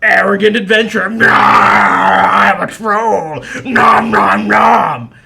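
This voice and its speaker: A man's voice: high voice, fairly even intonation, takes it slowly, vocal fry, raised voice, very noisy, pitched above the performer's own voice, exaggerated voice. A man voicing a large, refined troll who takes offense easily and speaks in an indignant, mock-offended manner.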